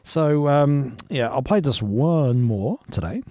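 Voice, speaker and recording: A man's voice: mid-range voice, expressive, takes it slowly, noisy background. A man hosting a stream, chatting casually and enthusiastically, often breaking off mid-phrase. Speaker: stream host playing old records. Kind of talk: casual chat.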